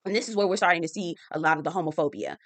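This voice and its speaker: A woman chatting through a casual TV episode recap, animated and slangy with sassy asides. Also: on the low side, rapid-fire, no room sound. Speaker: TV recap host.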